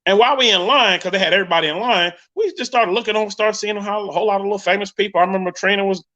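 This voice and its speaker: A man with a New York accent chats on a live podcast stream, fast and hyped, talking straight to his viewers. His voice sits a little high. The audio is dull and lo-fi. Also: sharp tone. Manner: hyped, talkative, addresses viewers directly. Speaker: podcast host. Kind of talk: casual live-stream chat.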